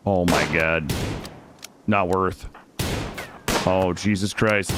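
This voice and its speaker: With a low, steady voice, a young gaming streamer takes his time, pausing at length while narrating live play and veering from mumbles to panicked outbursts. Background noise is audible over his studio microphone.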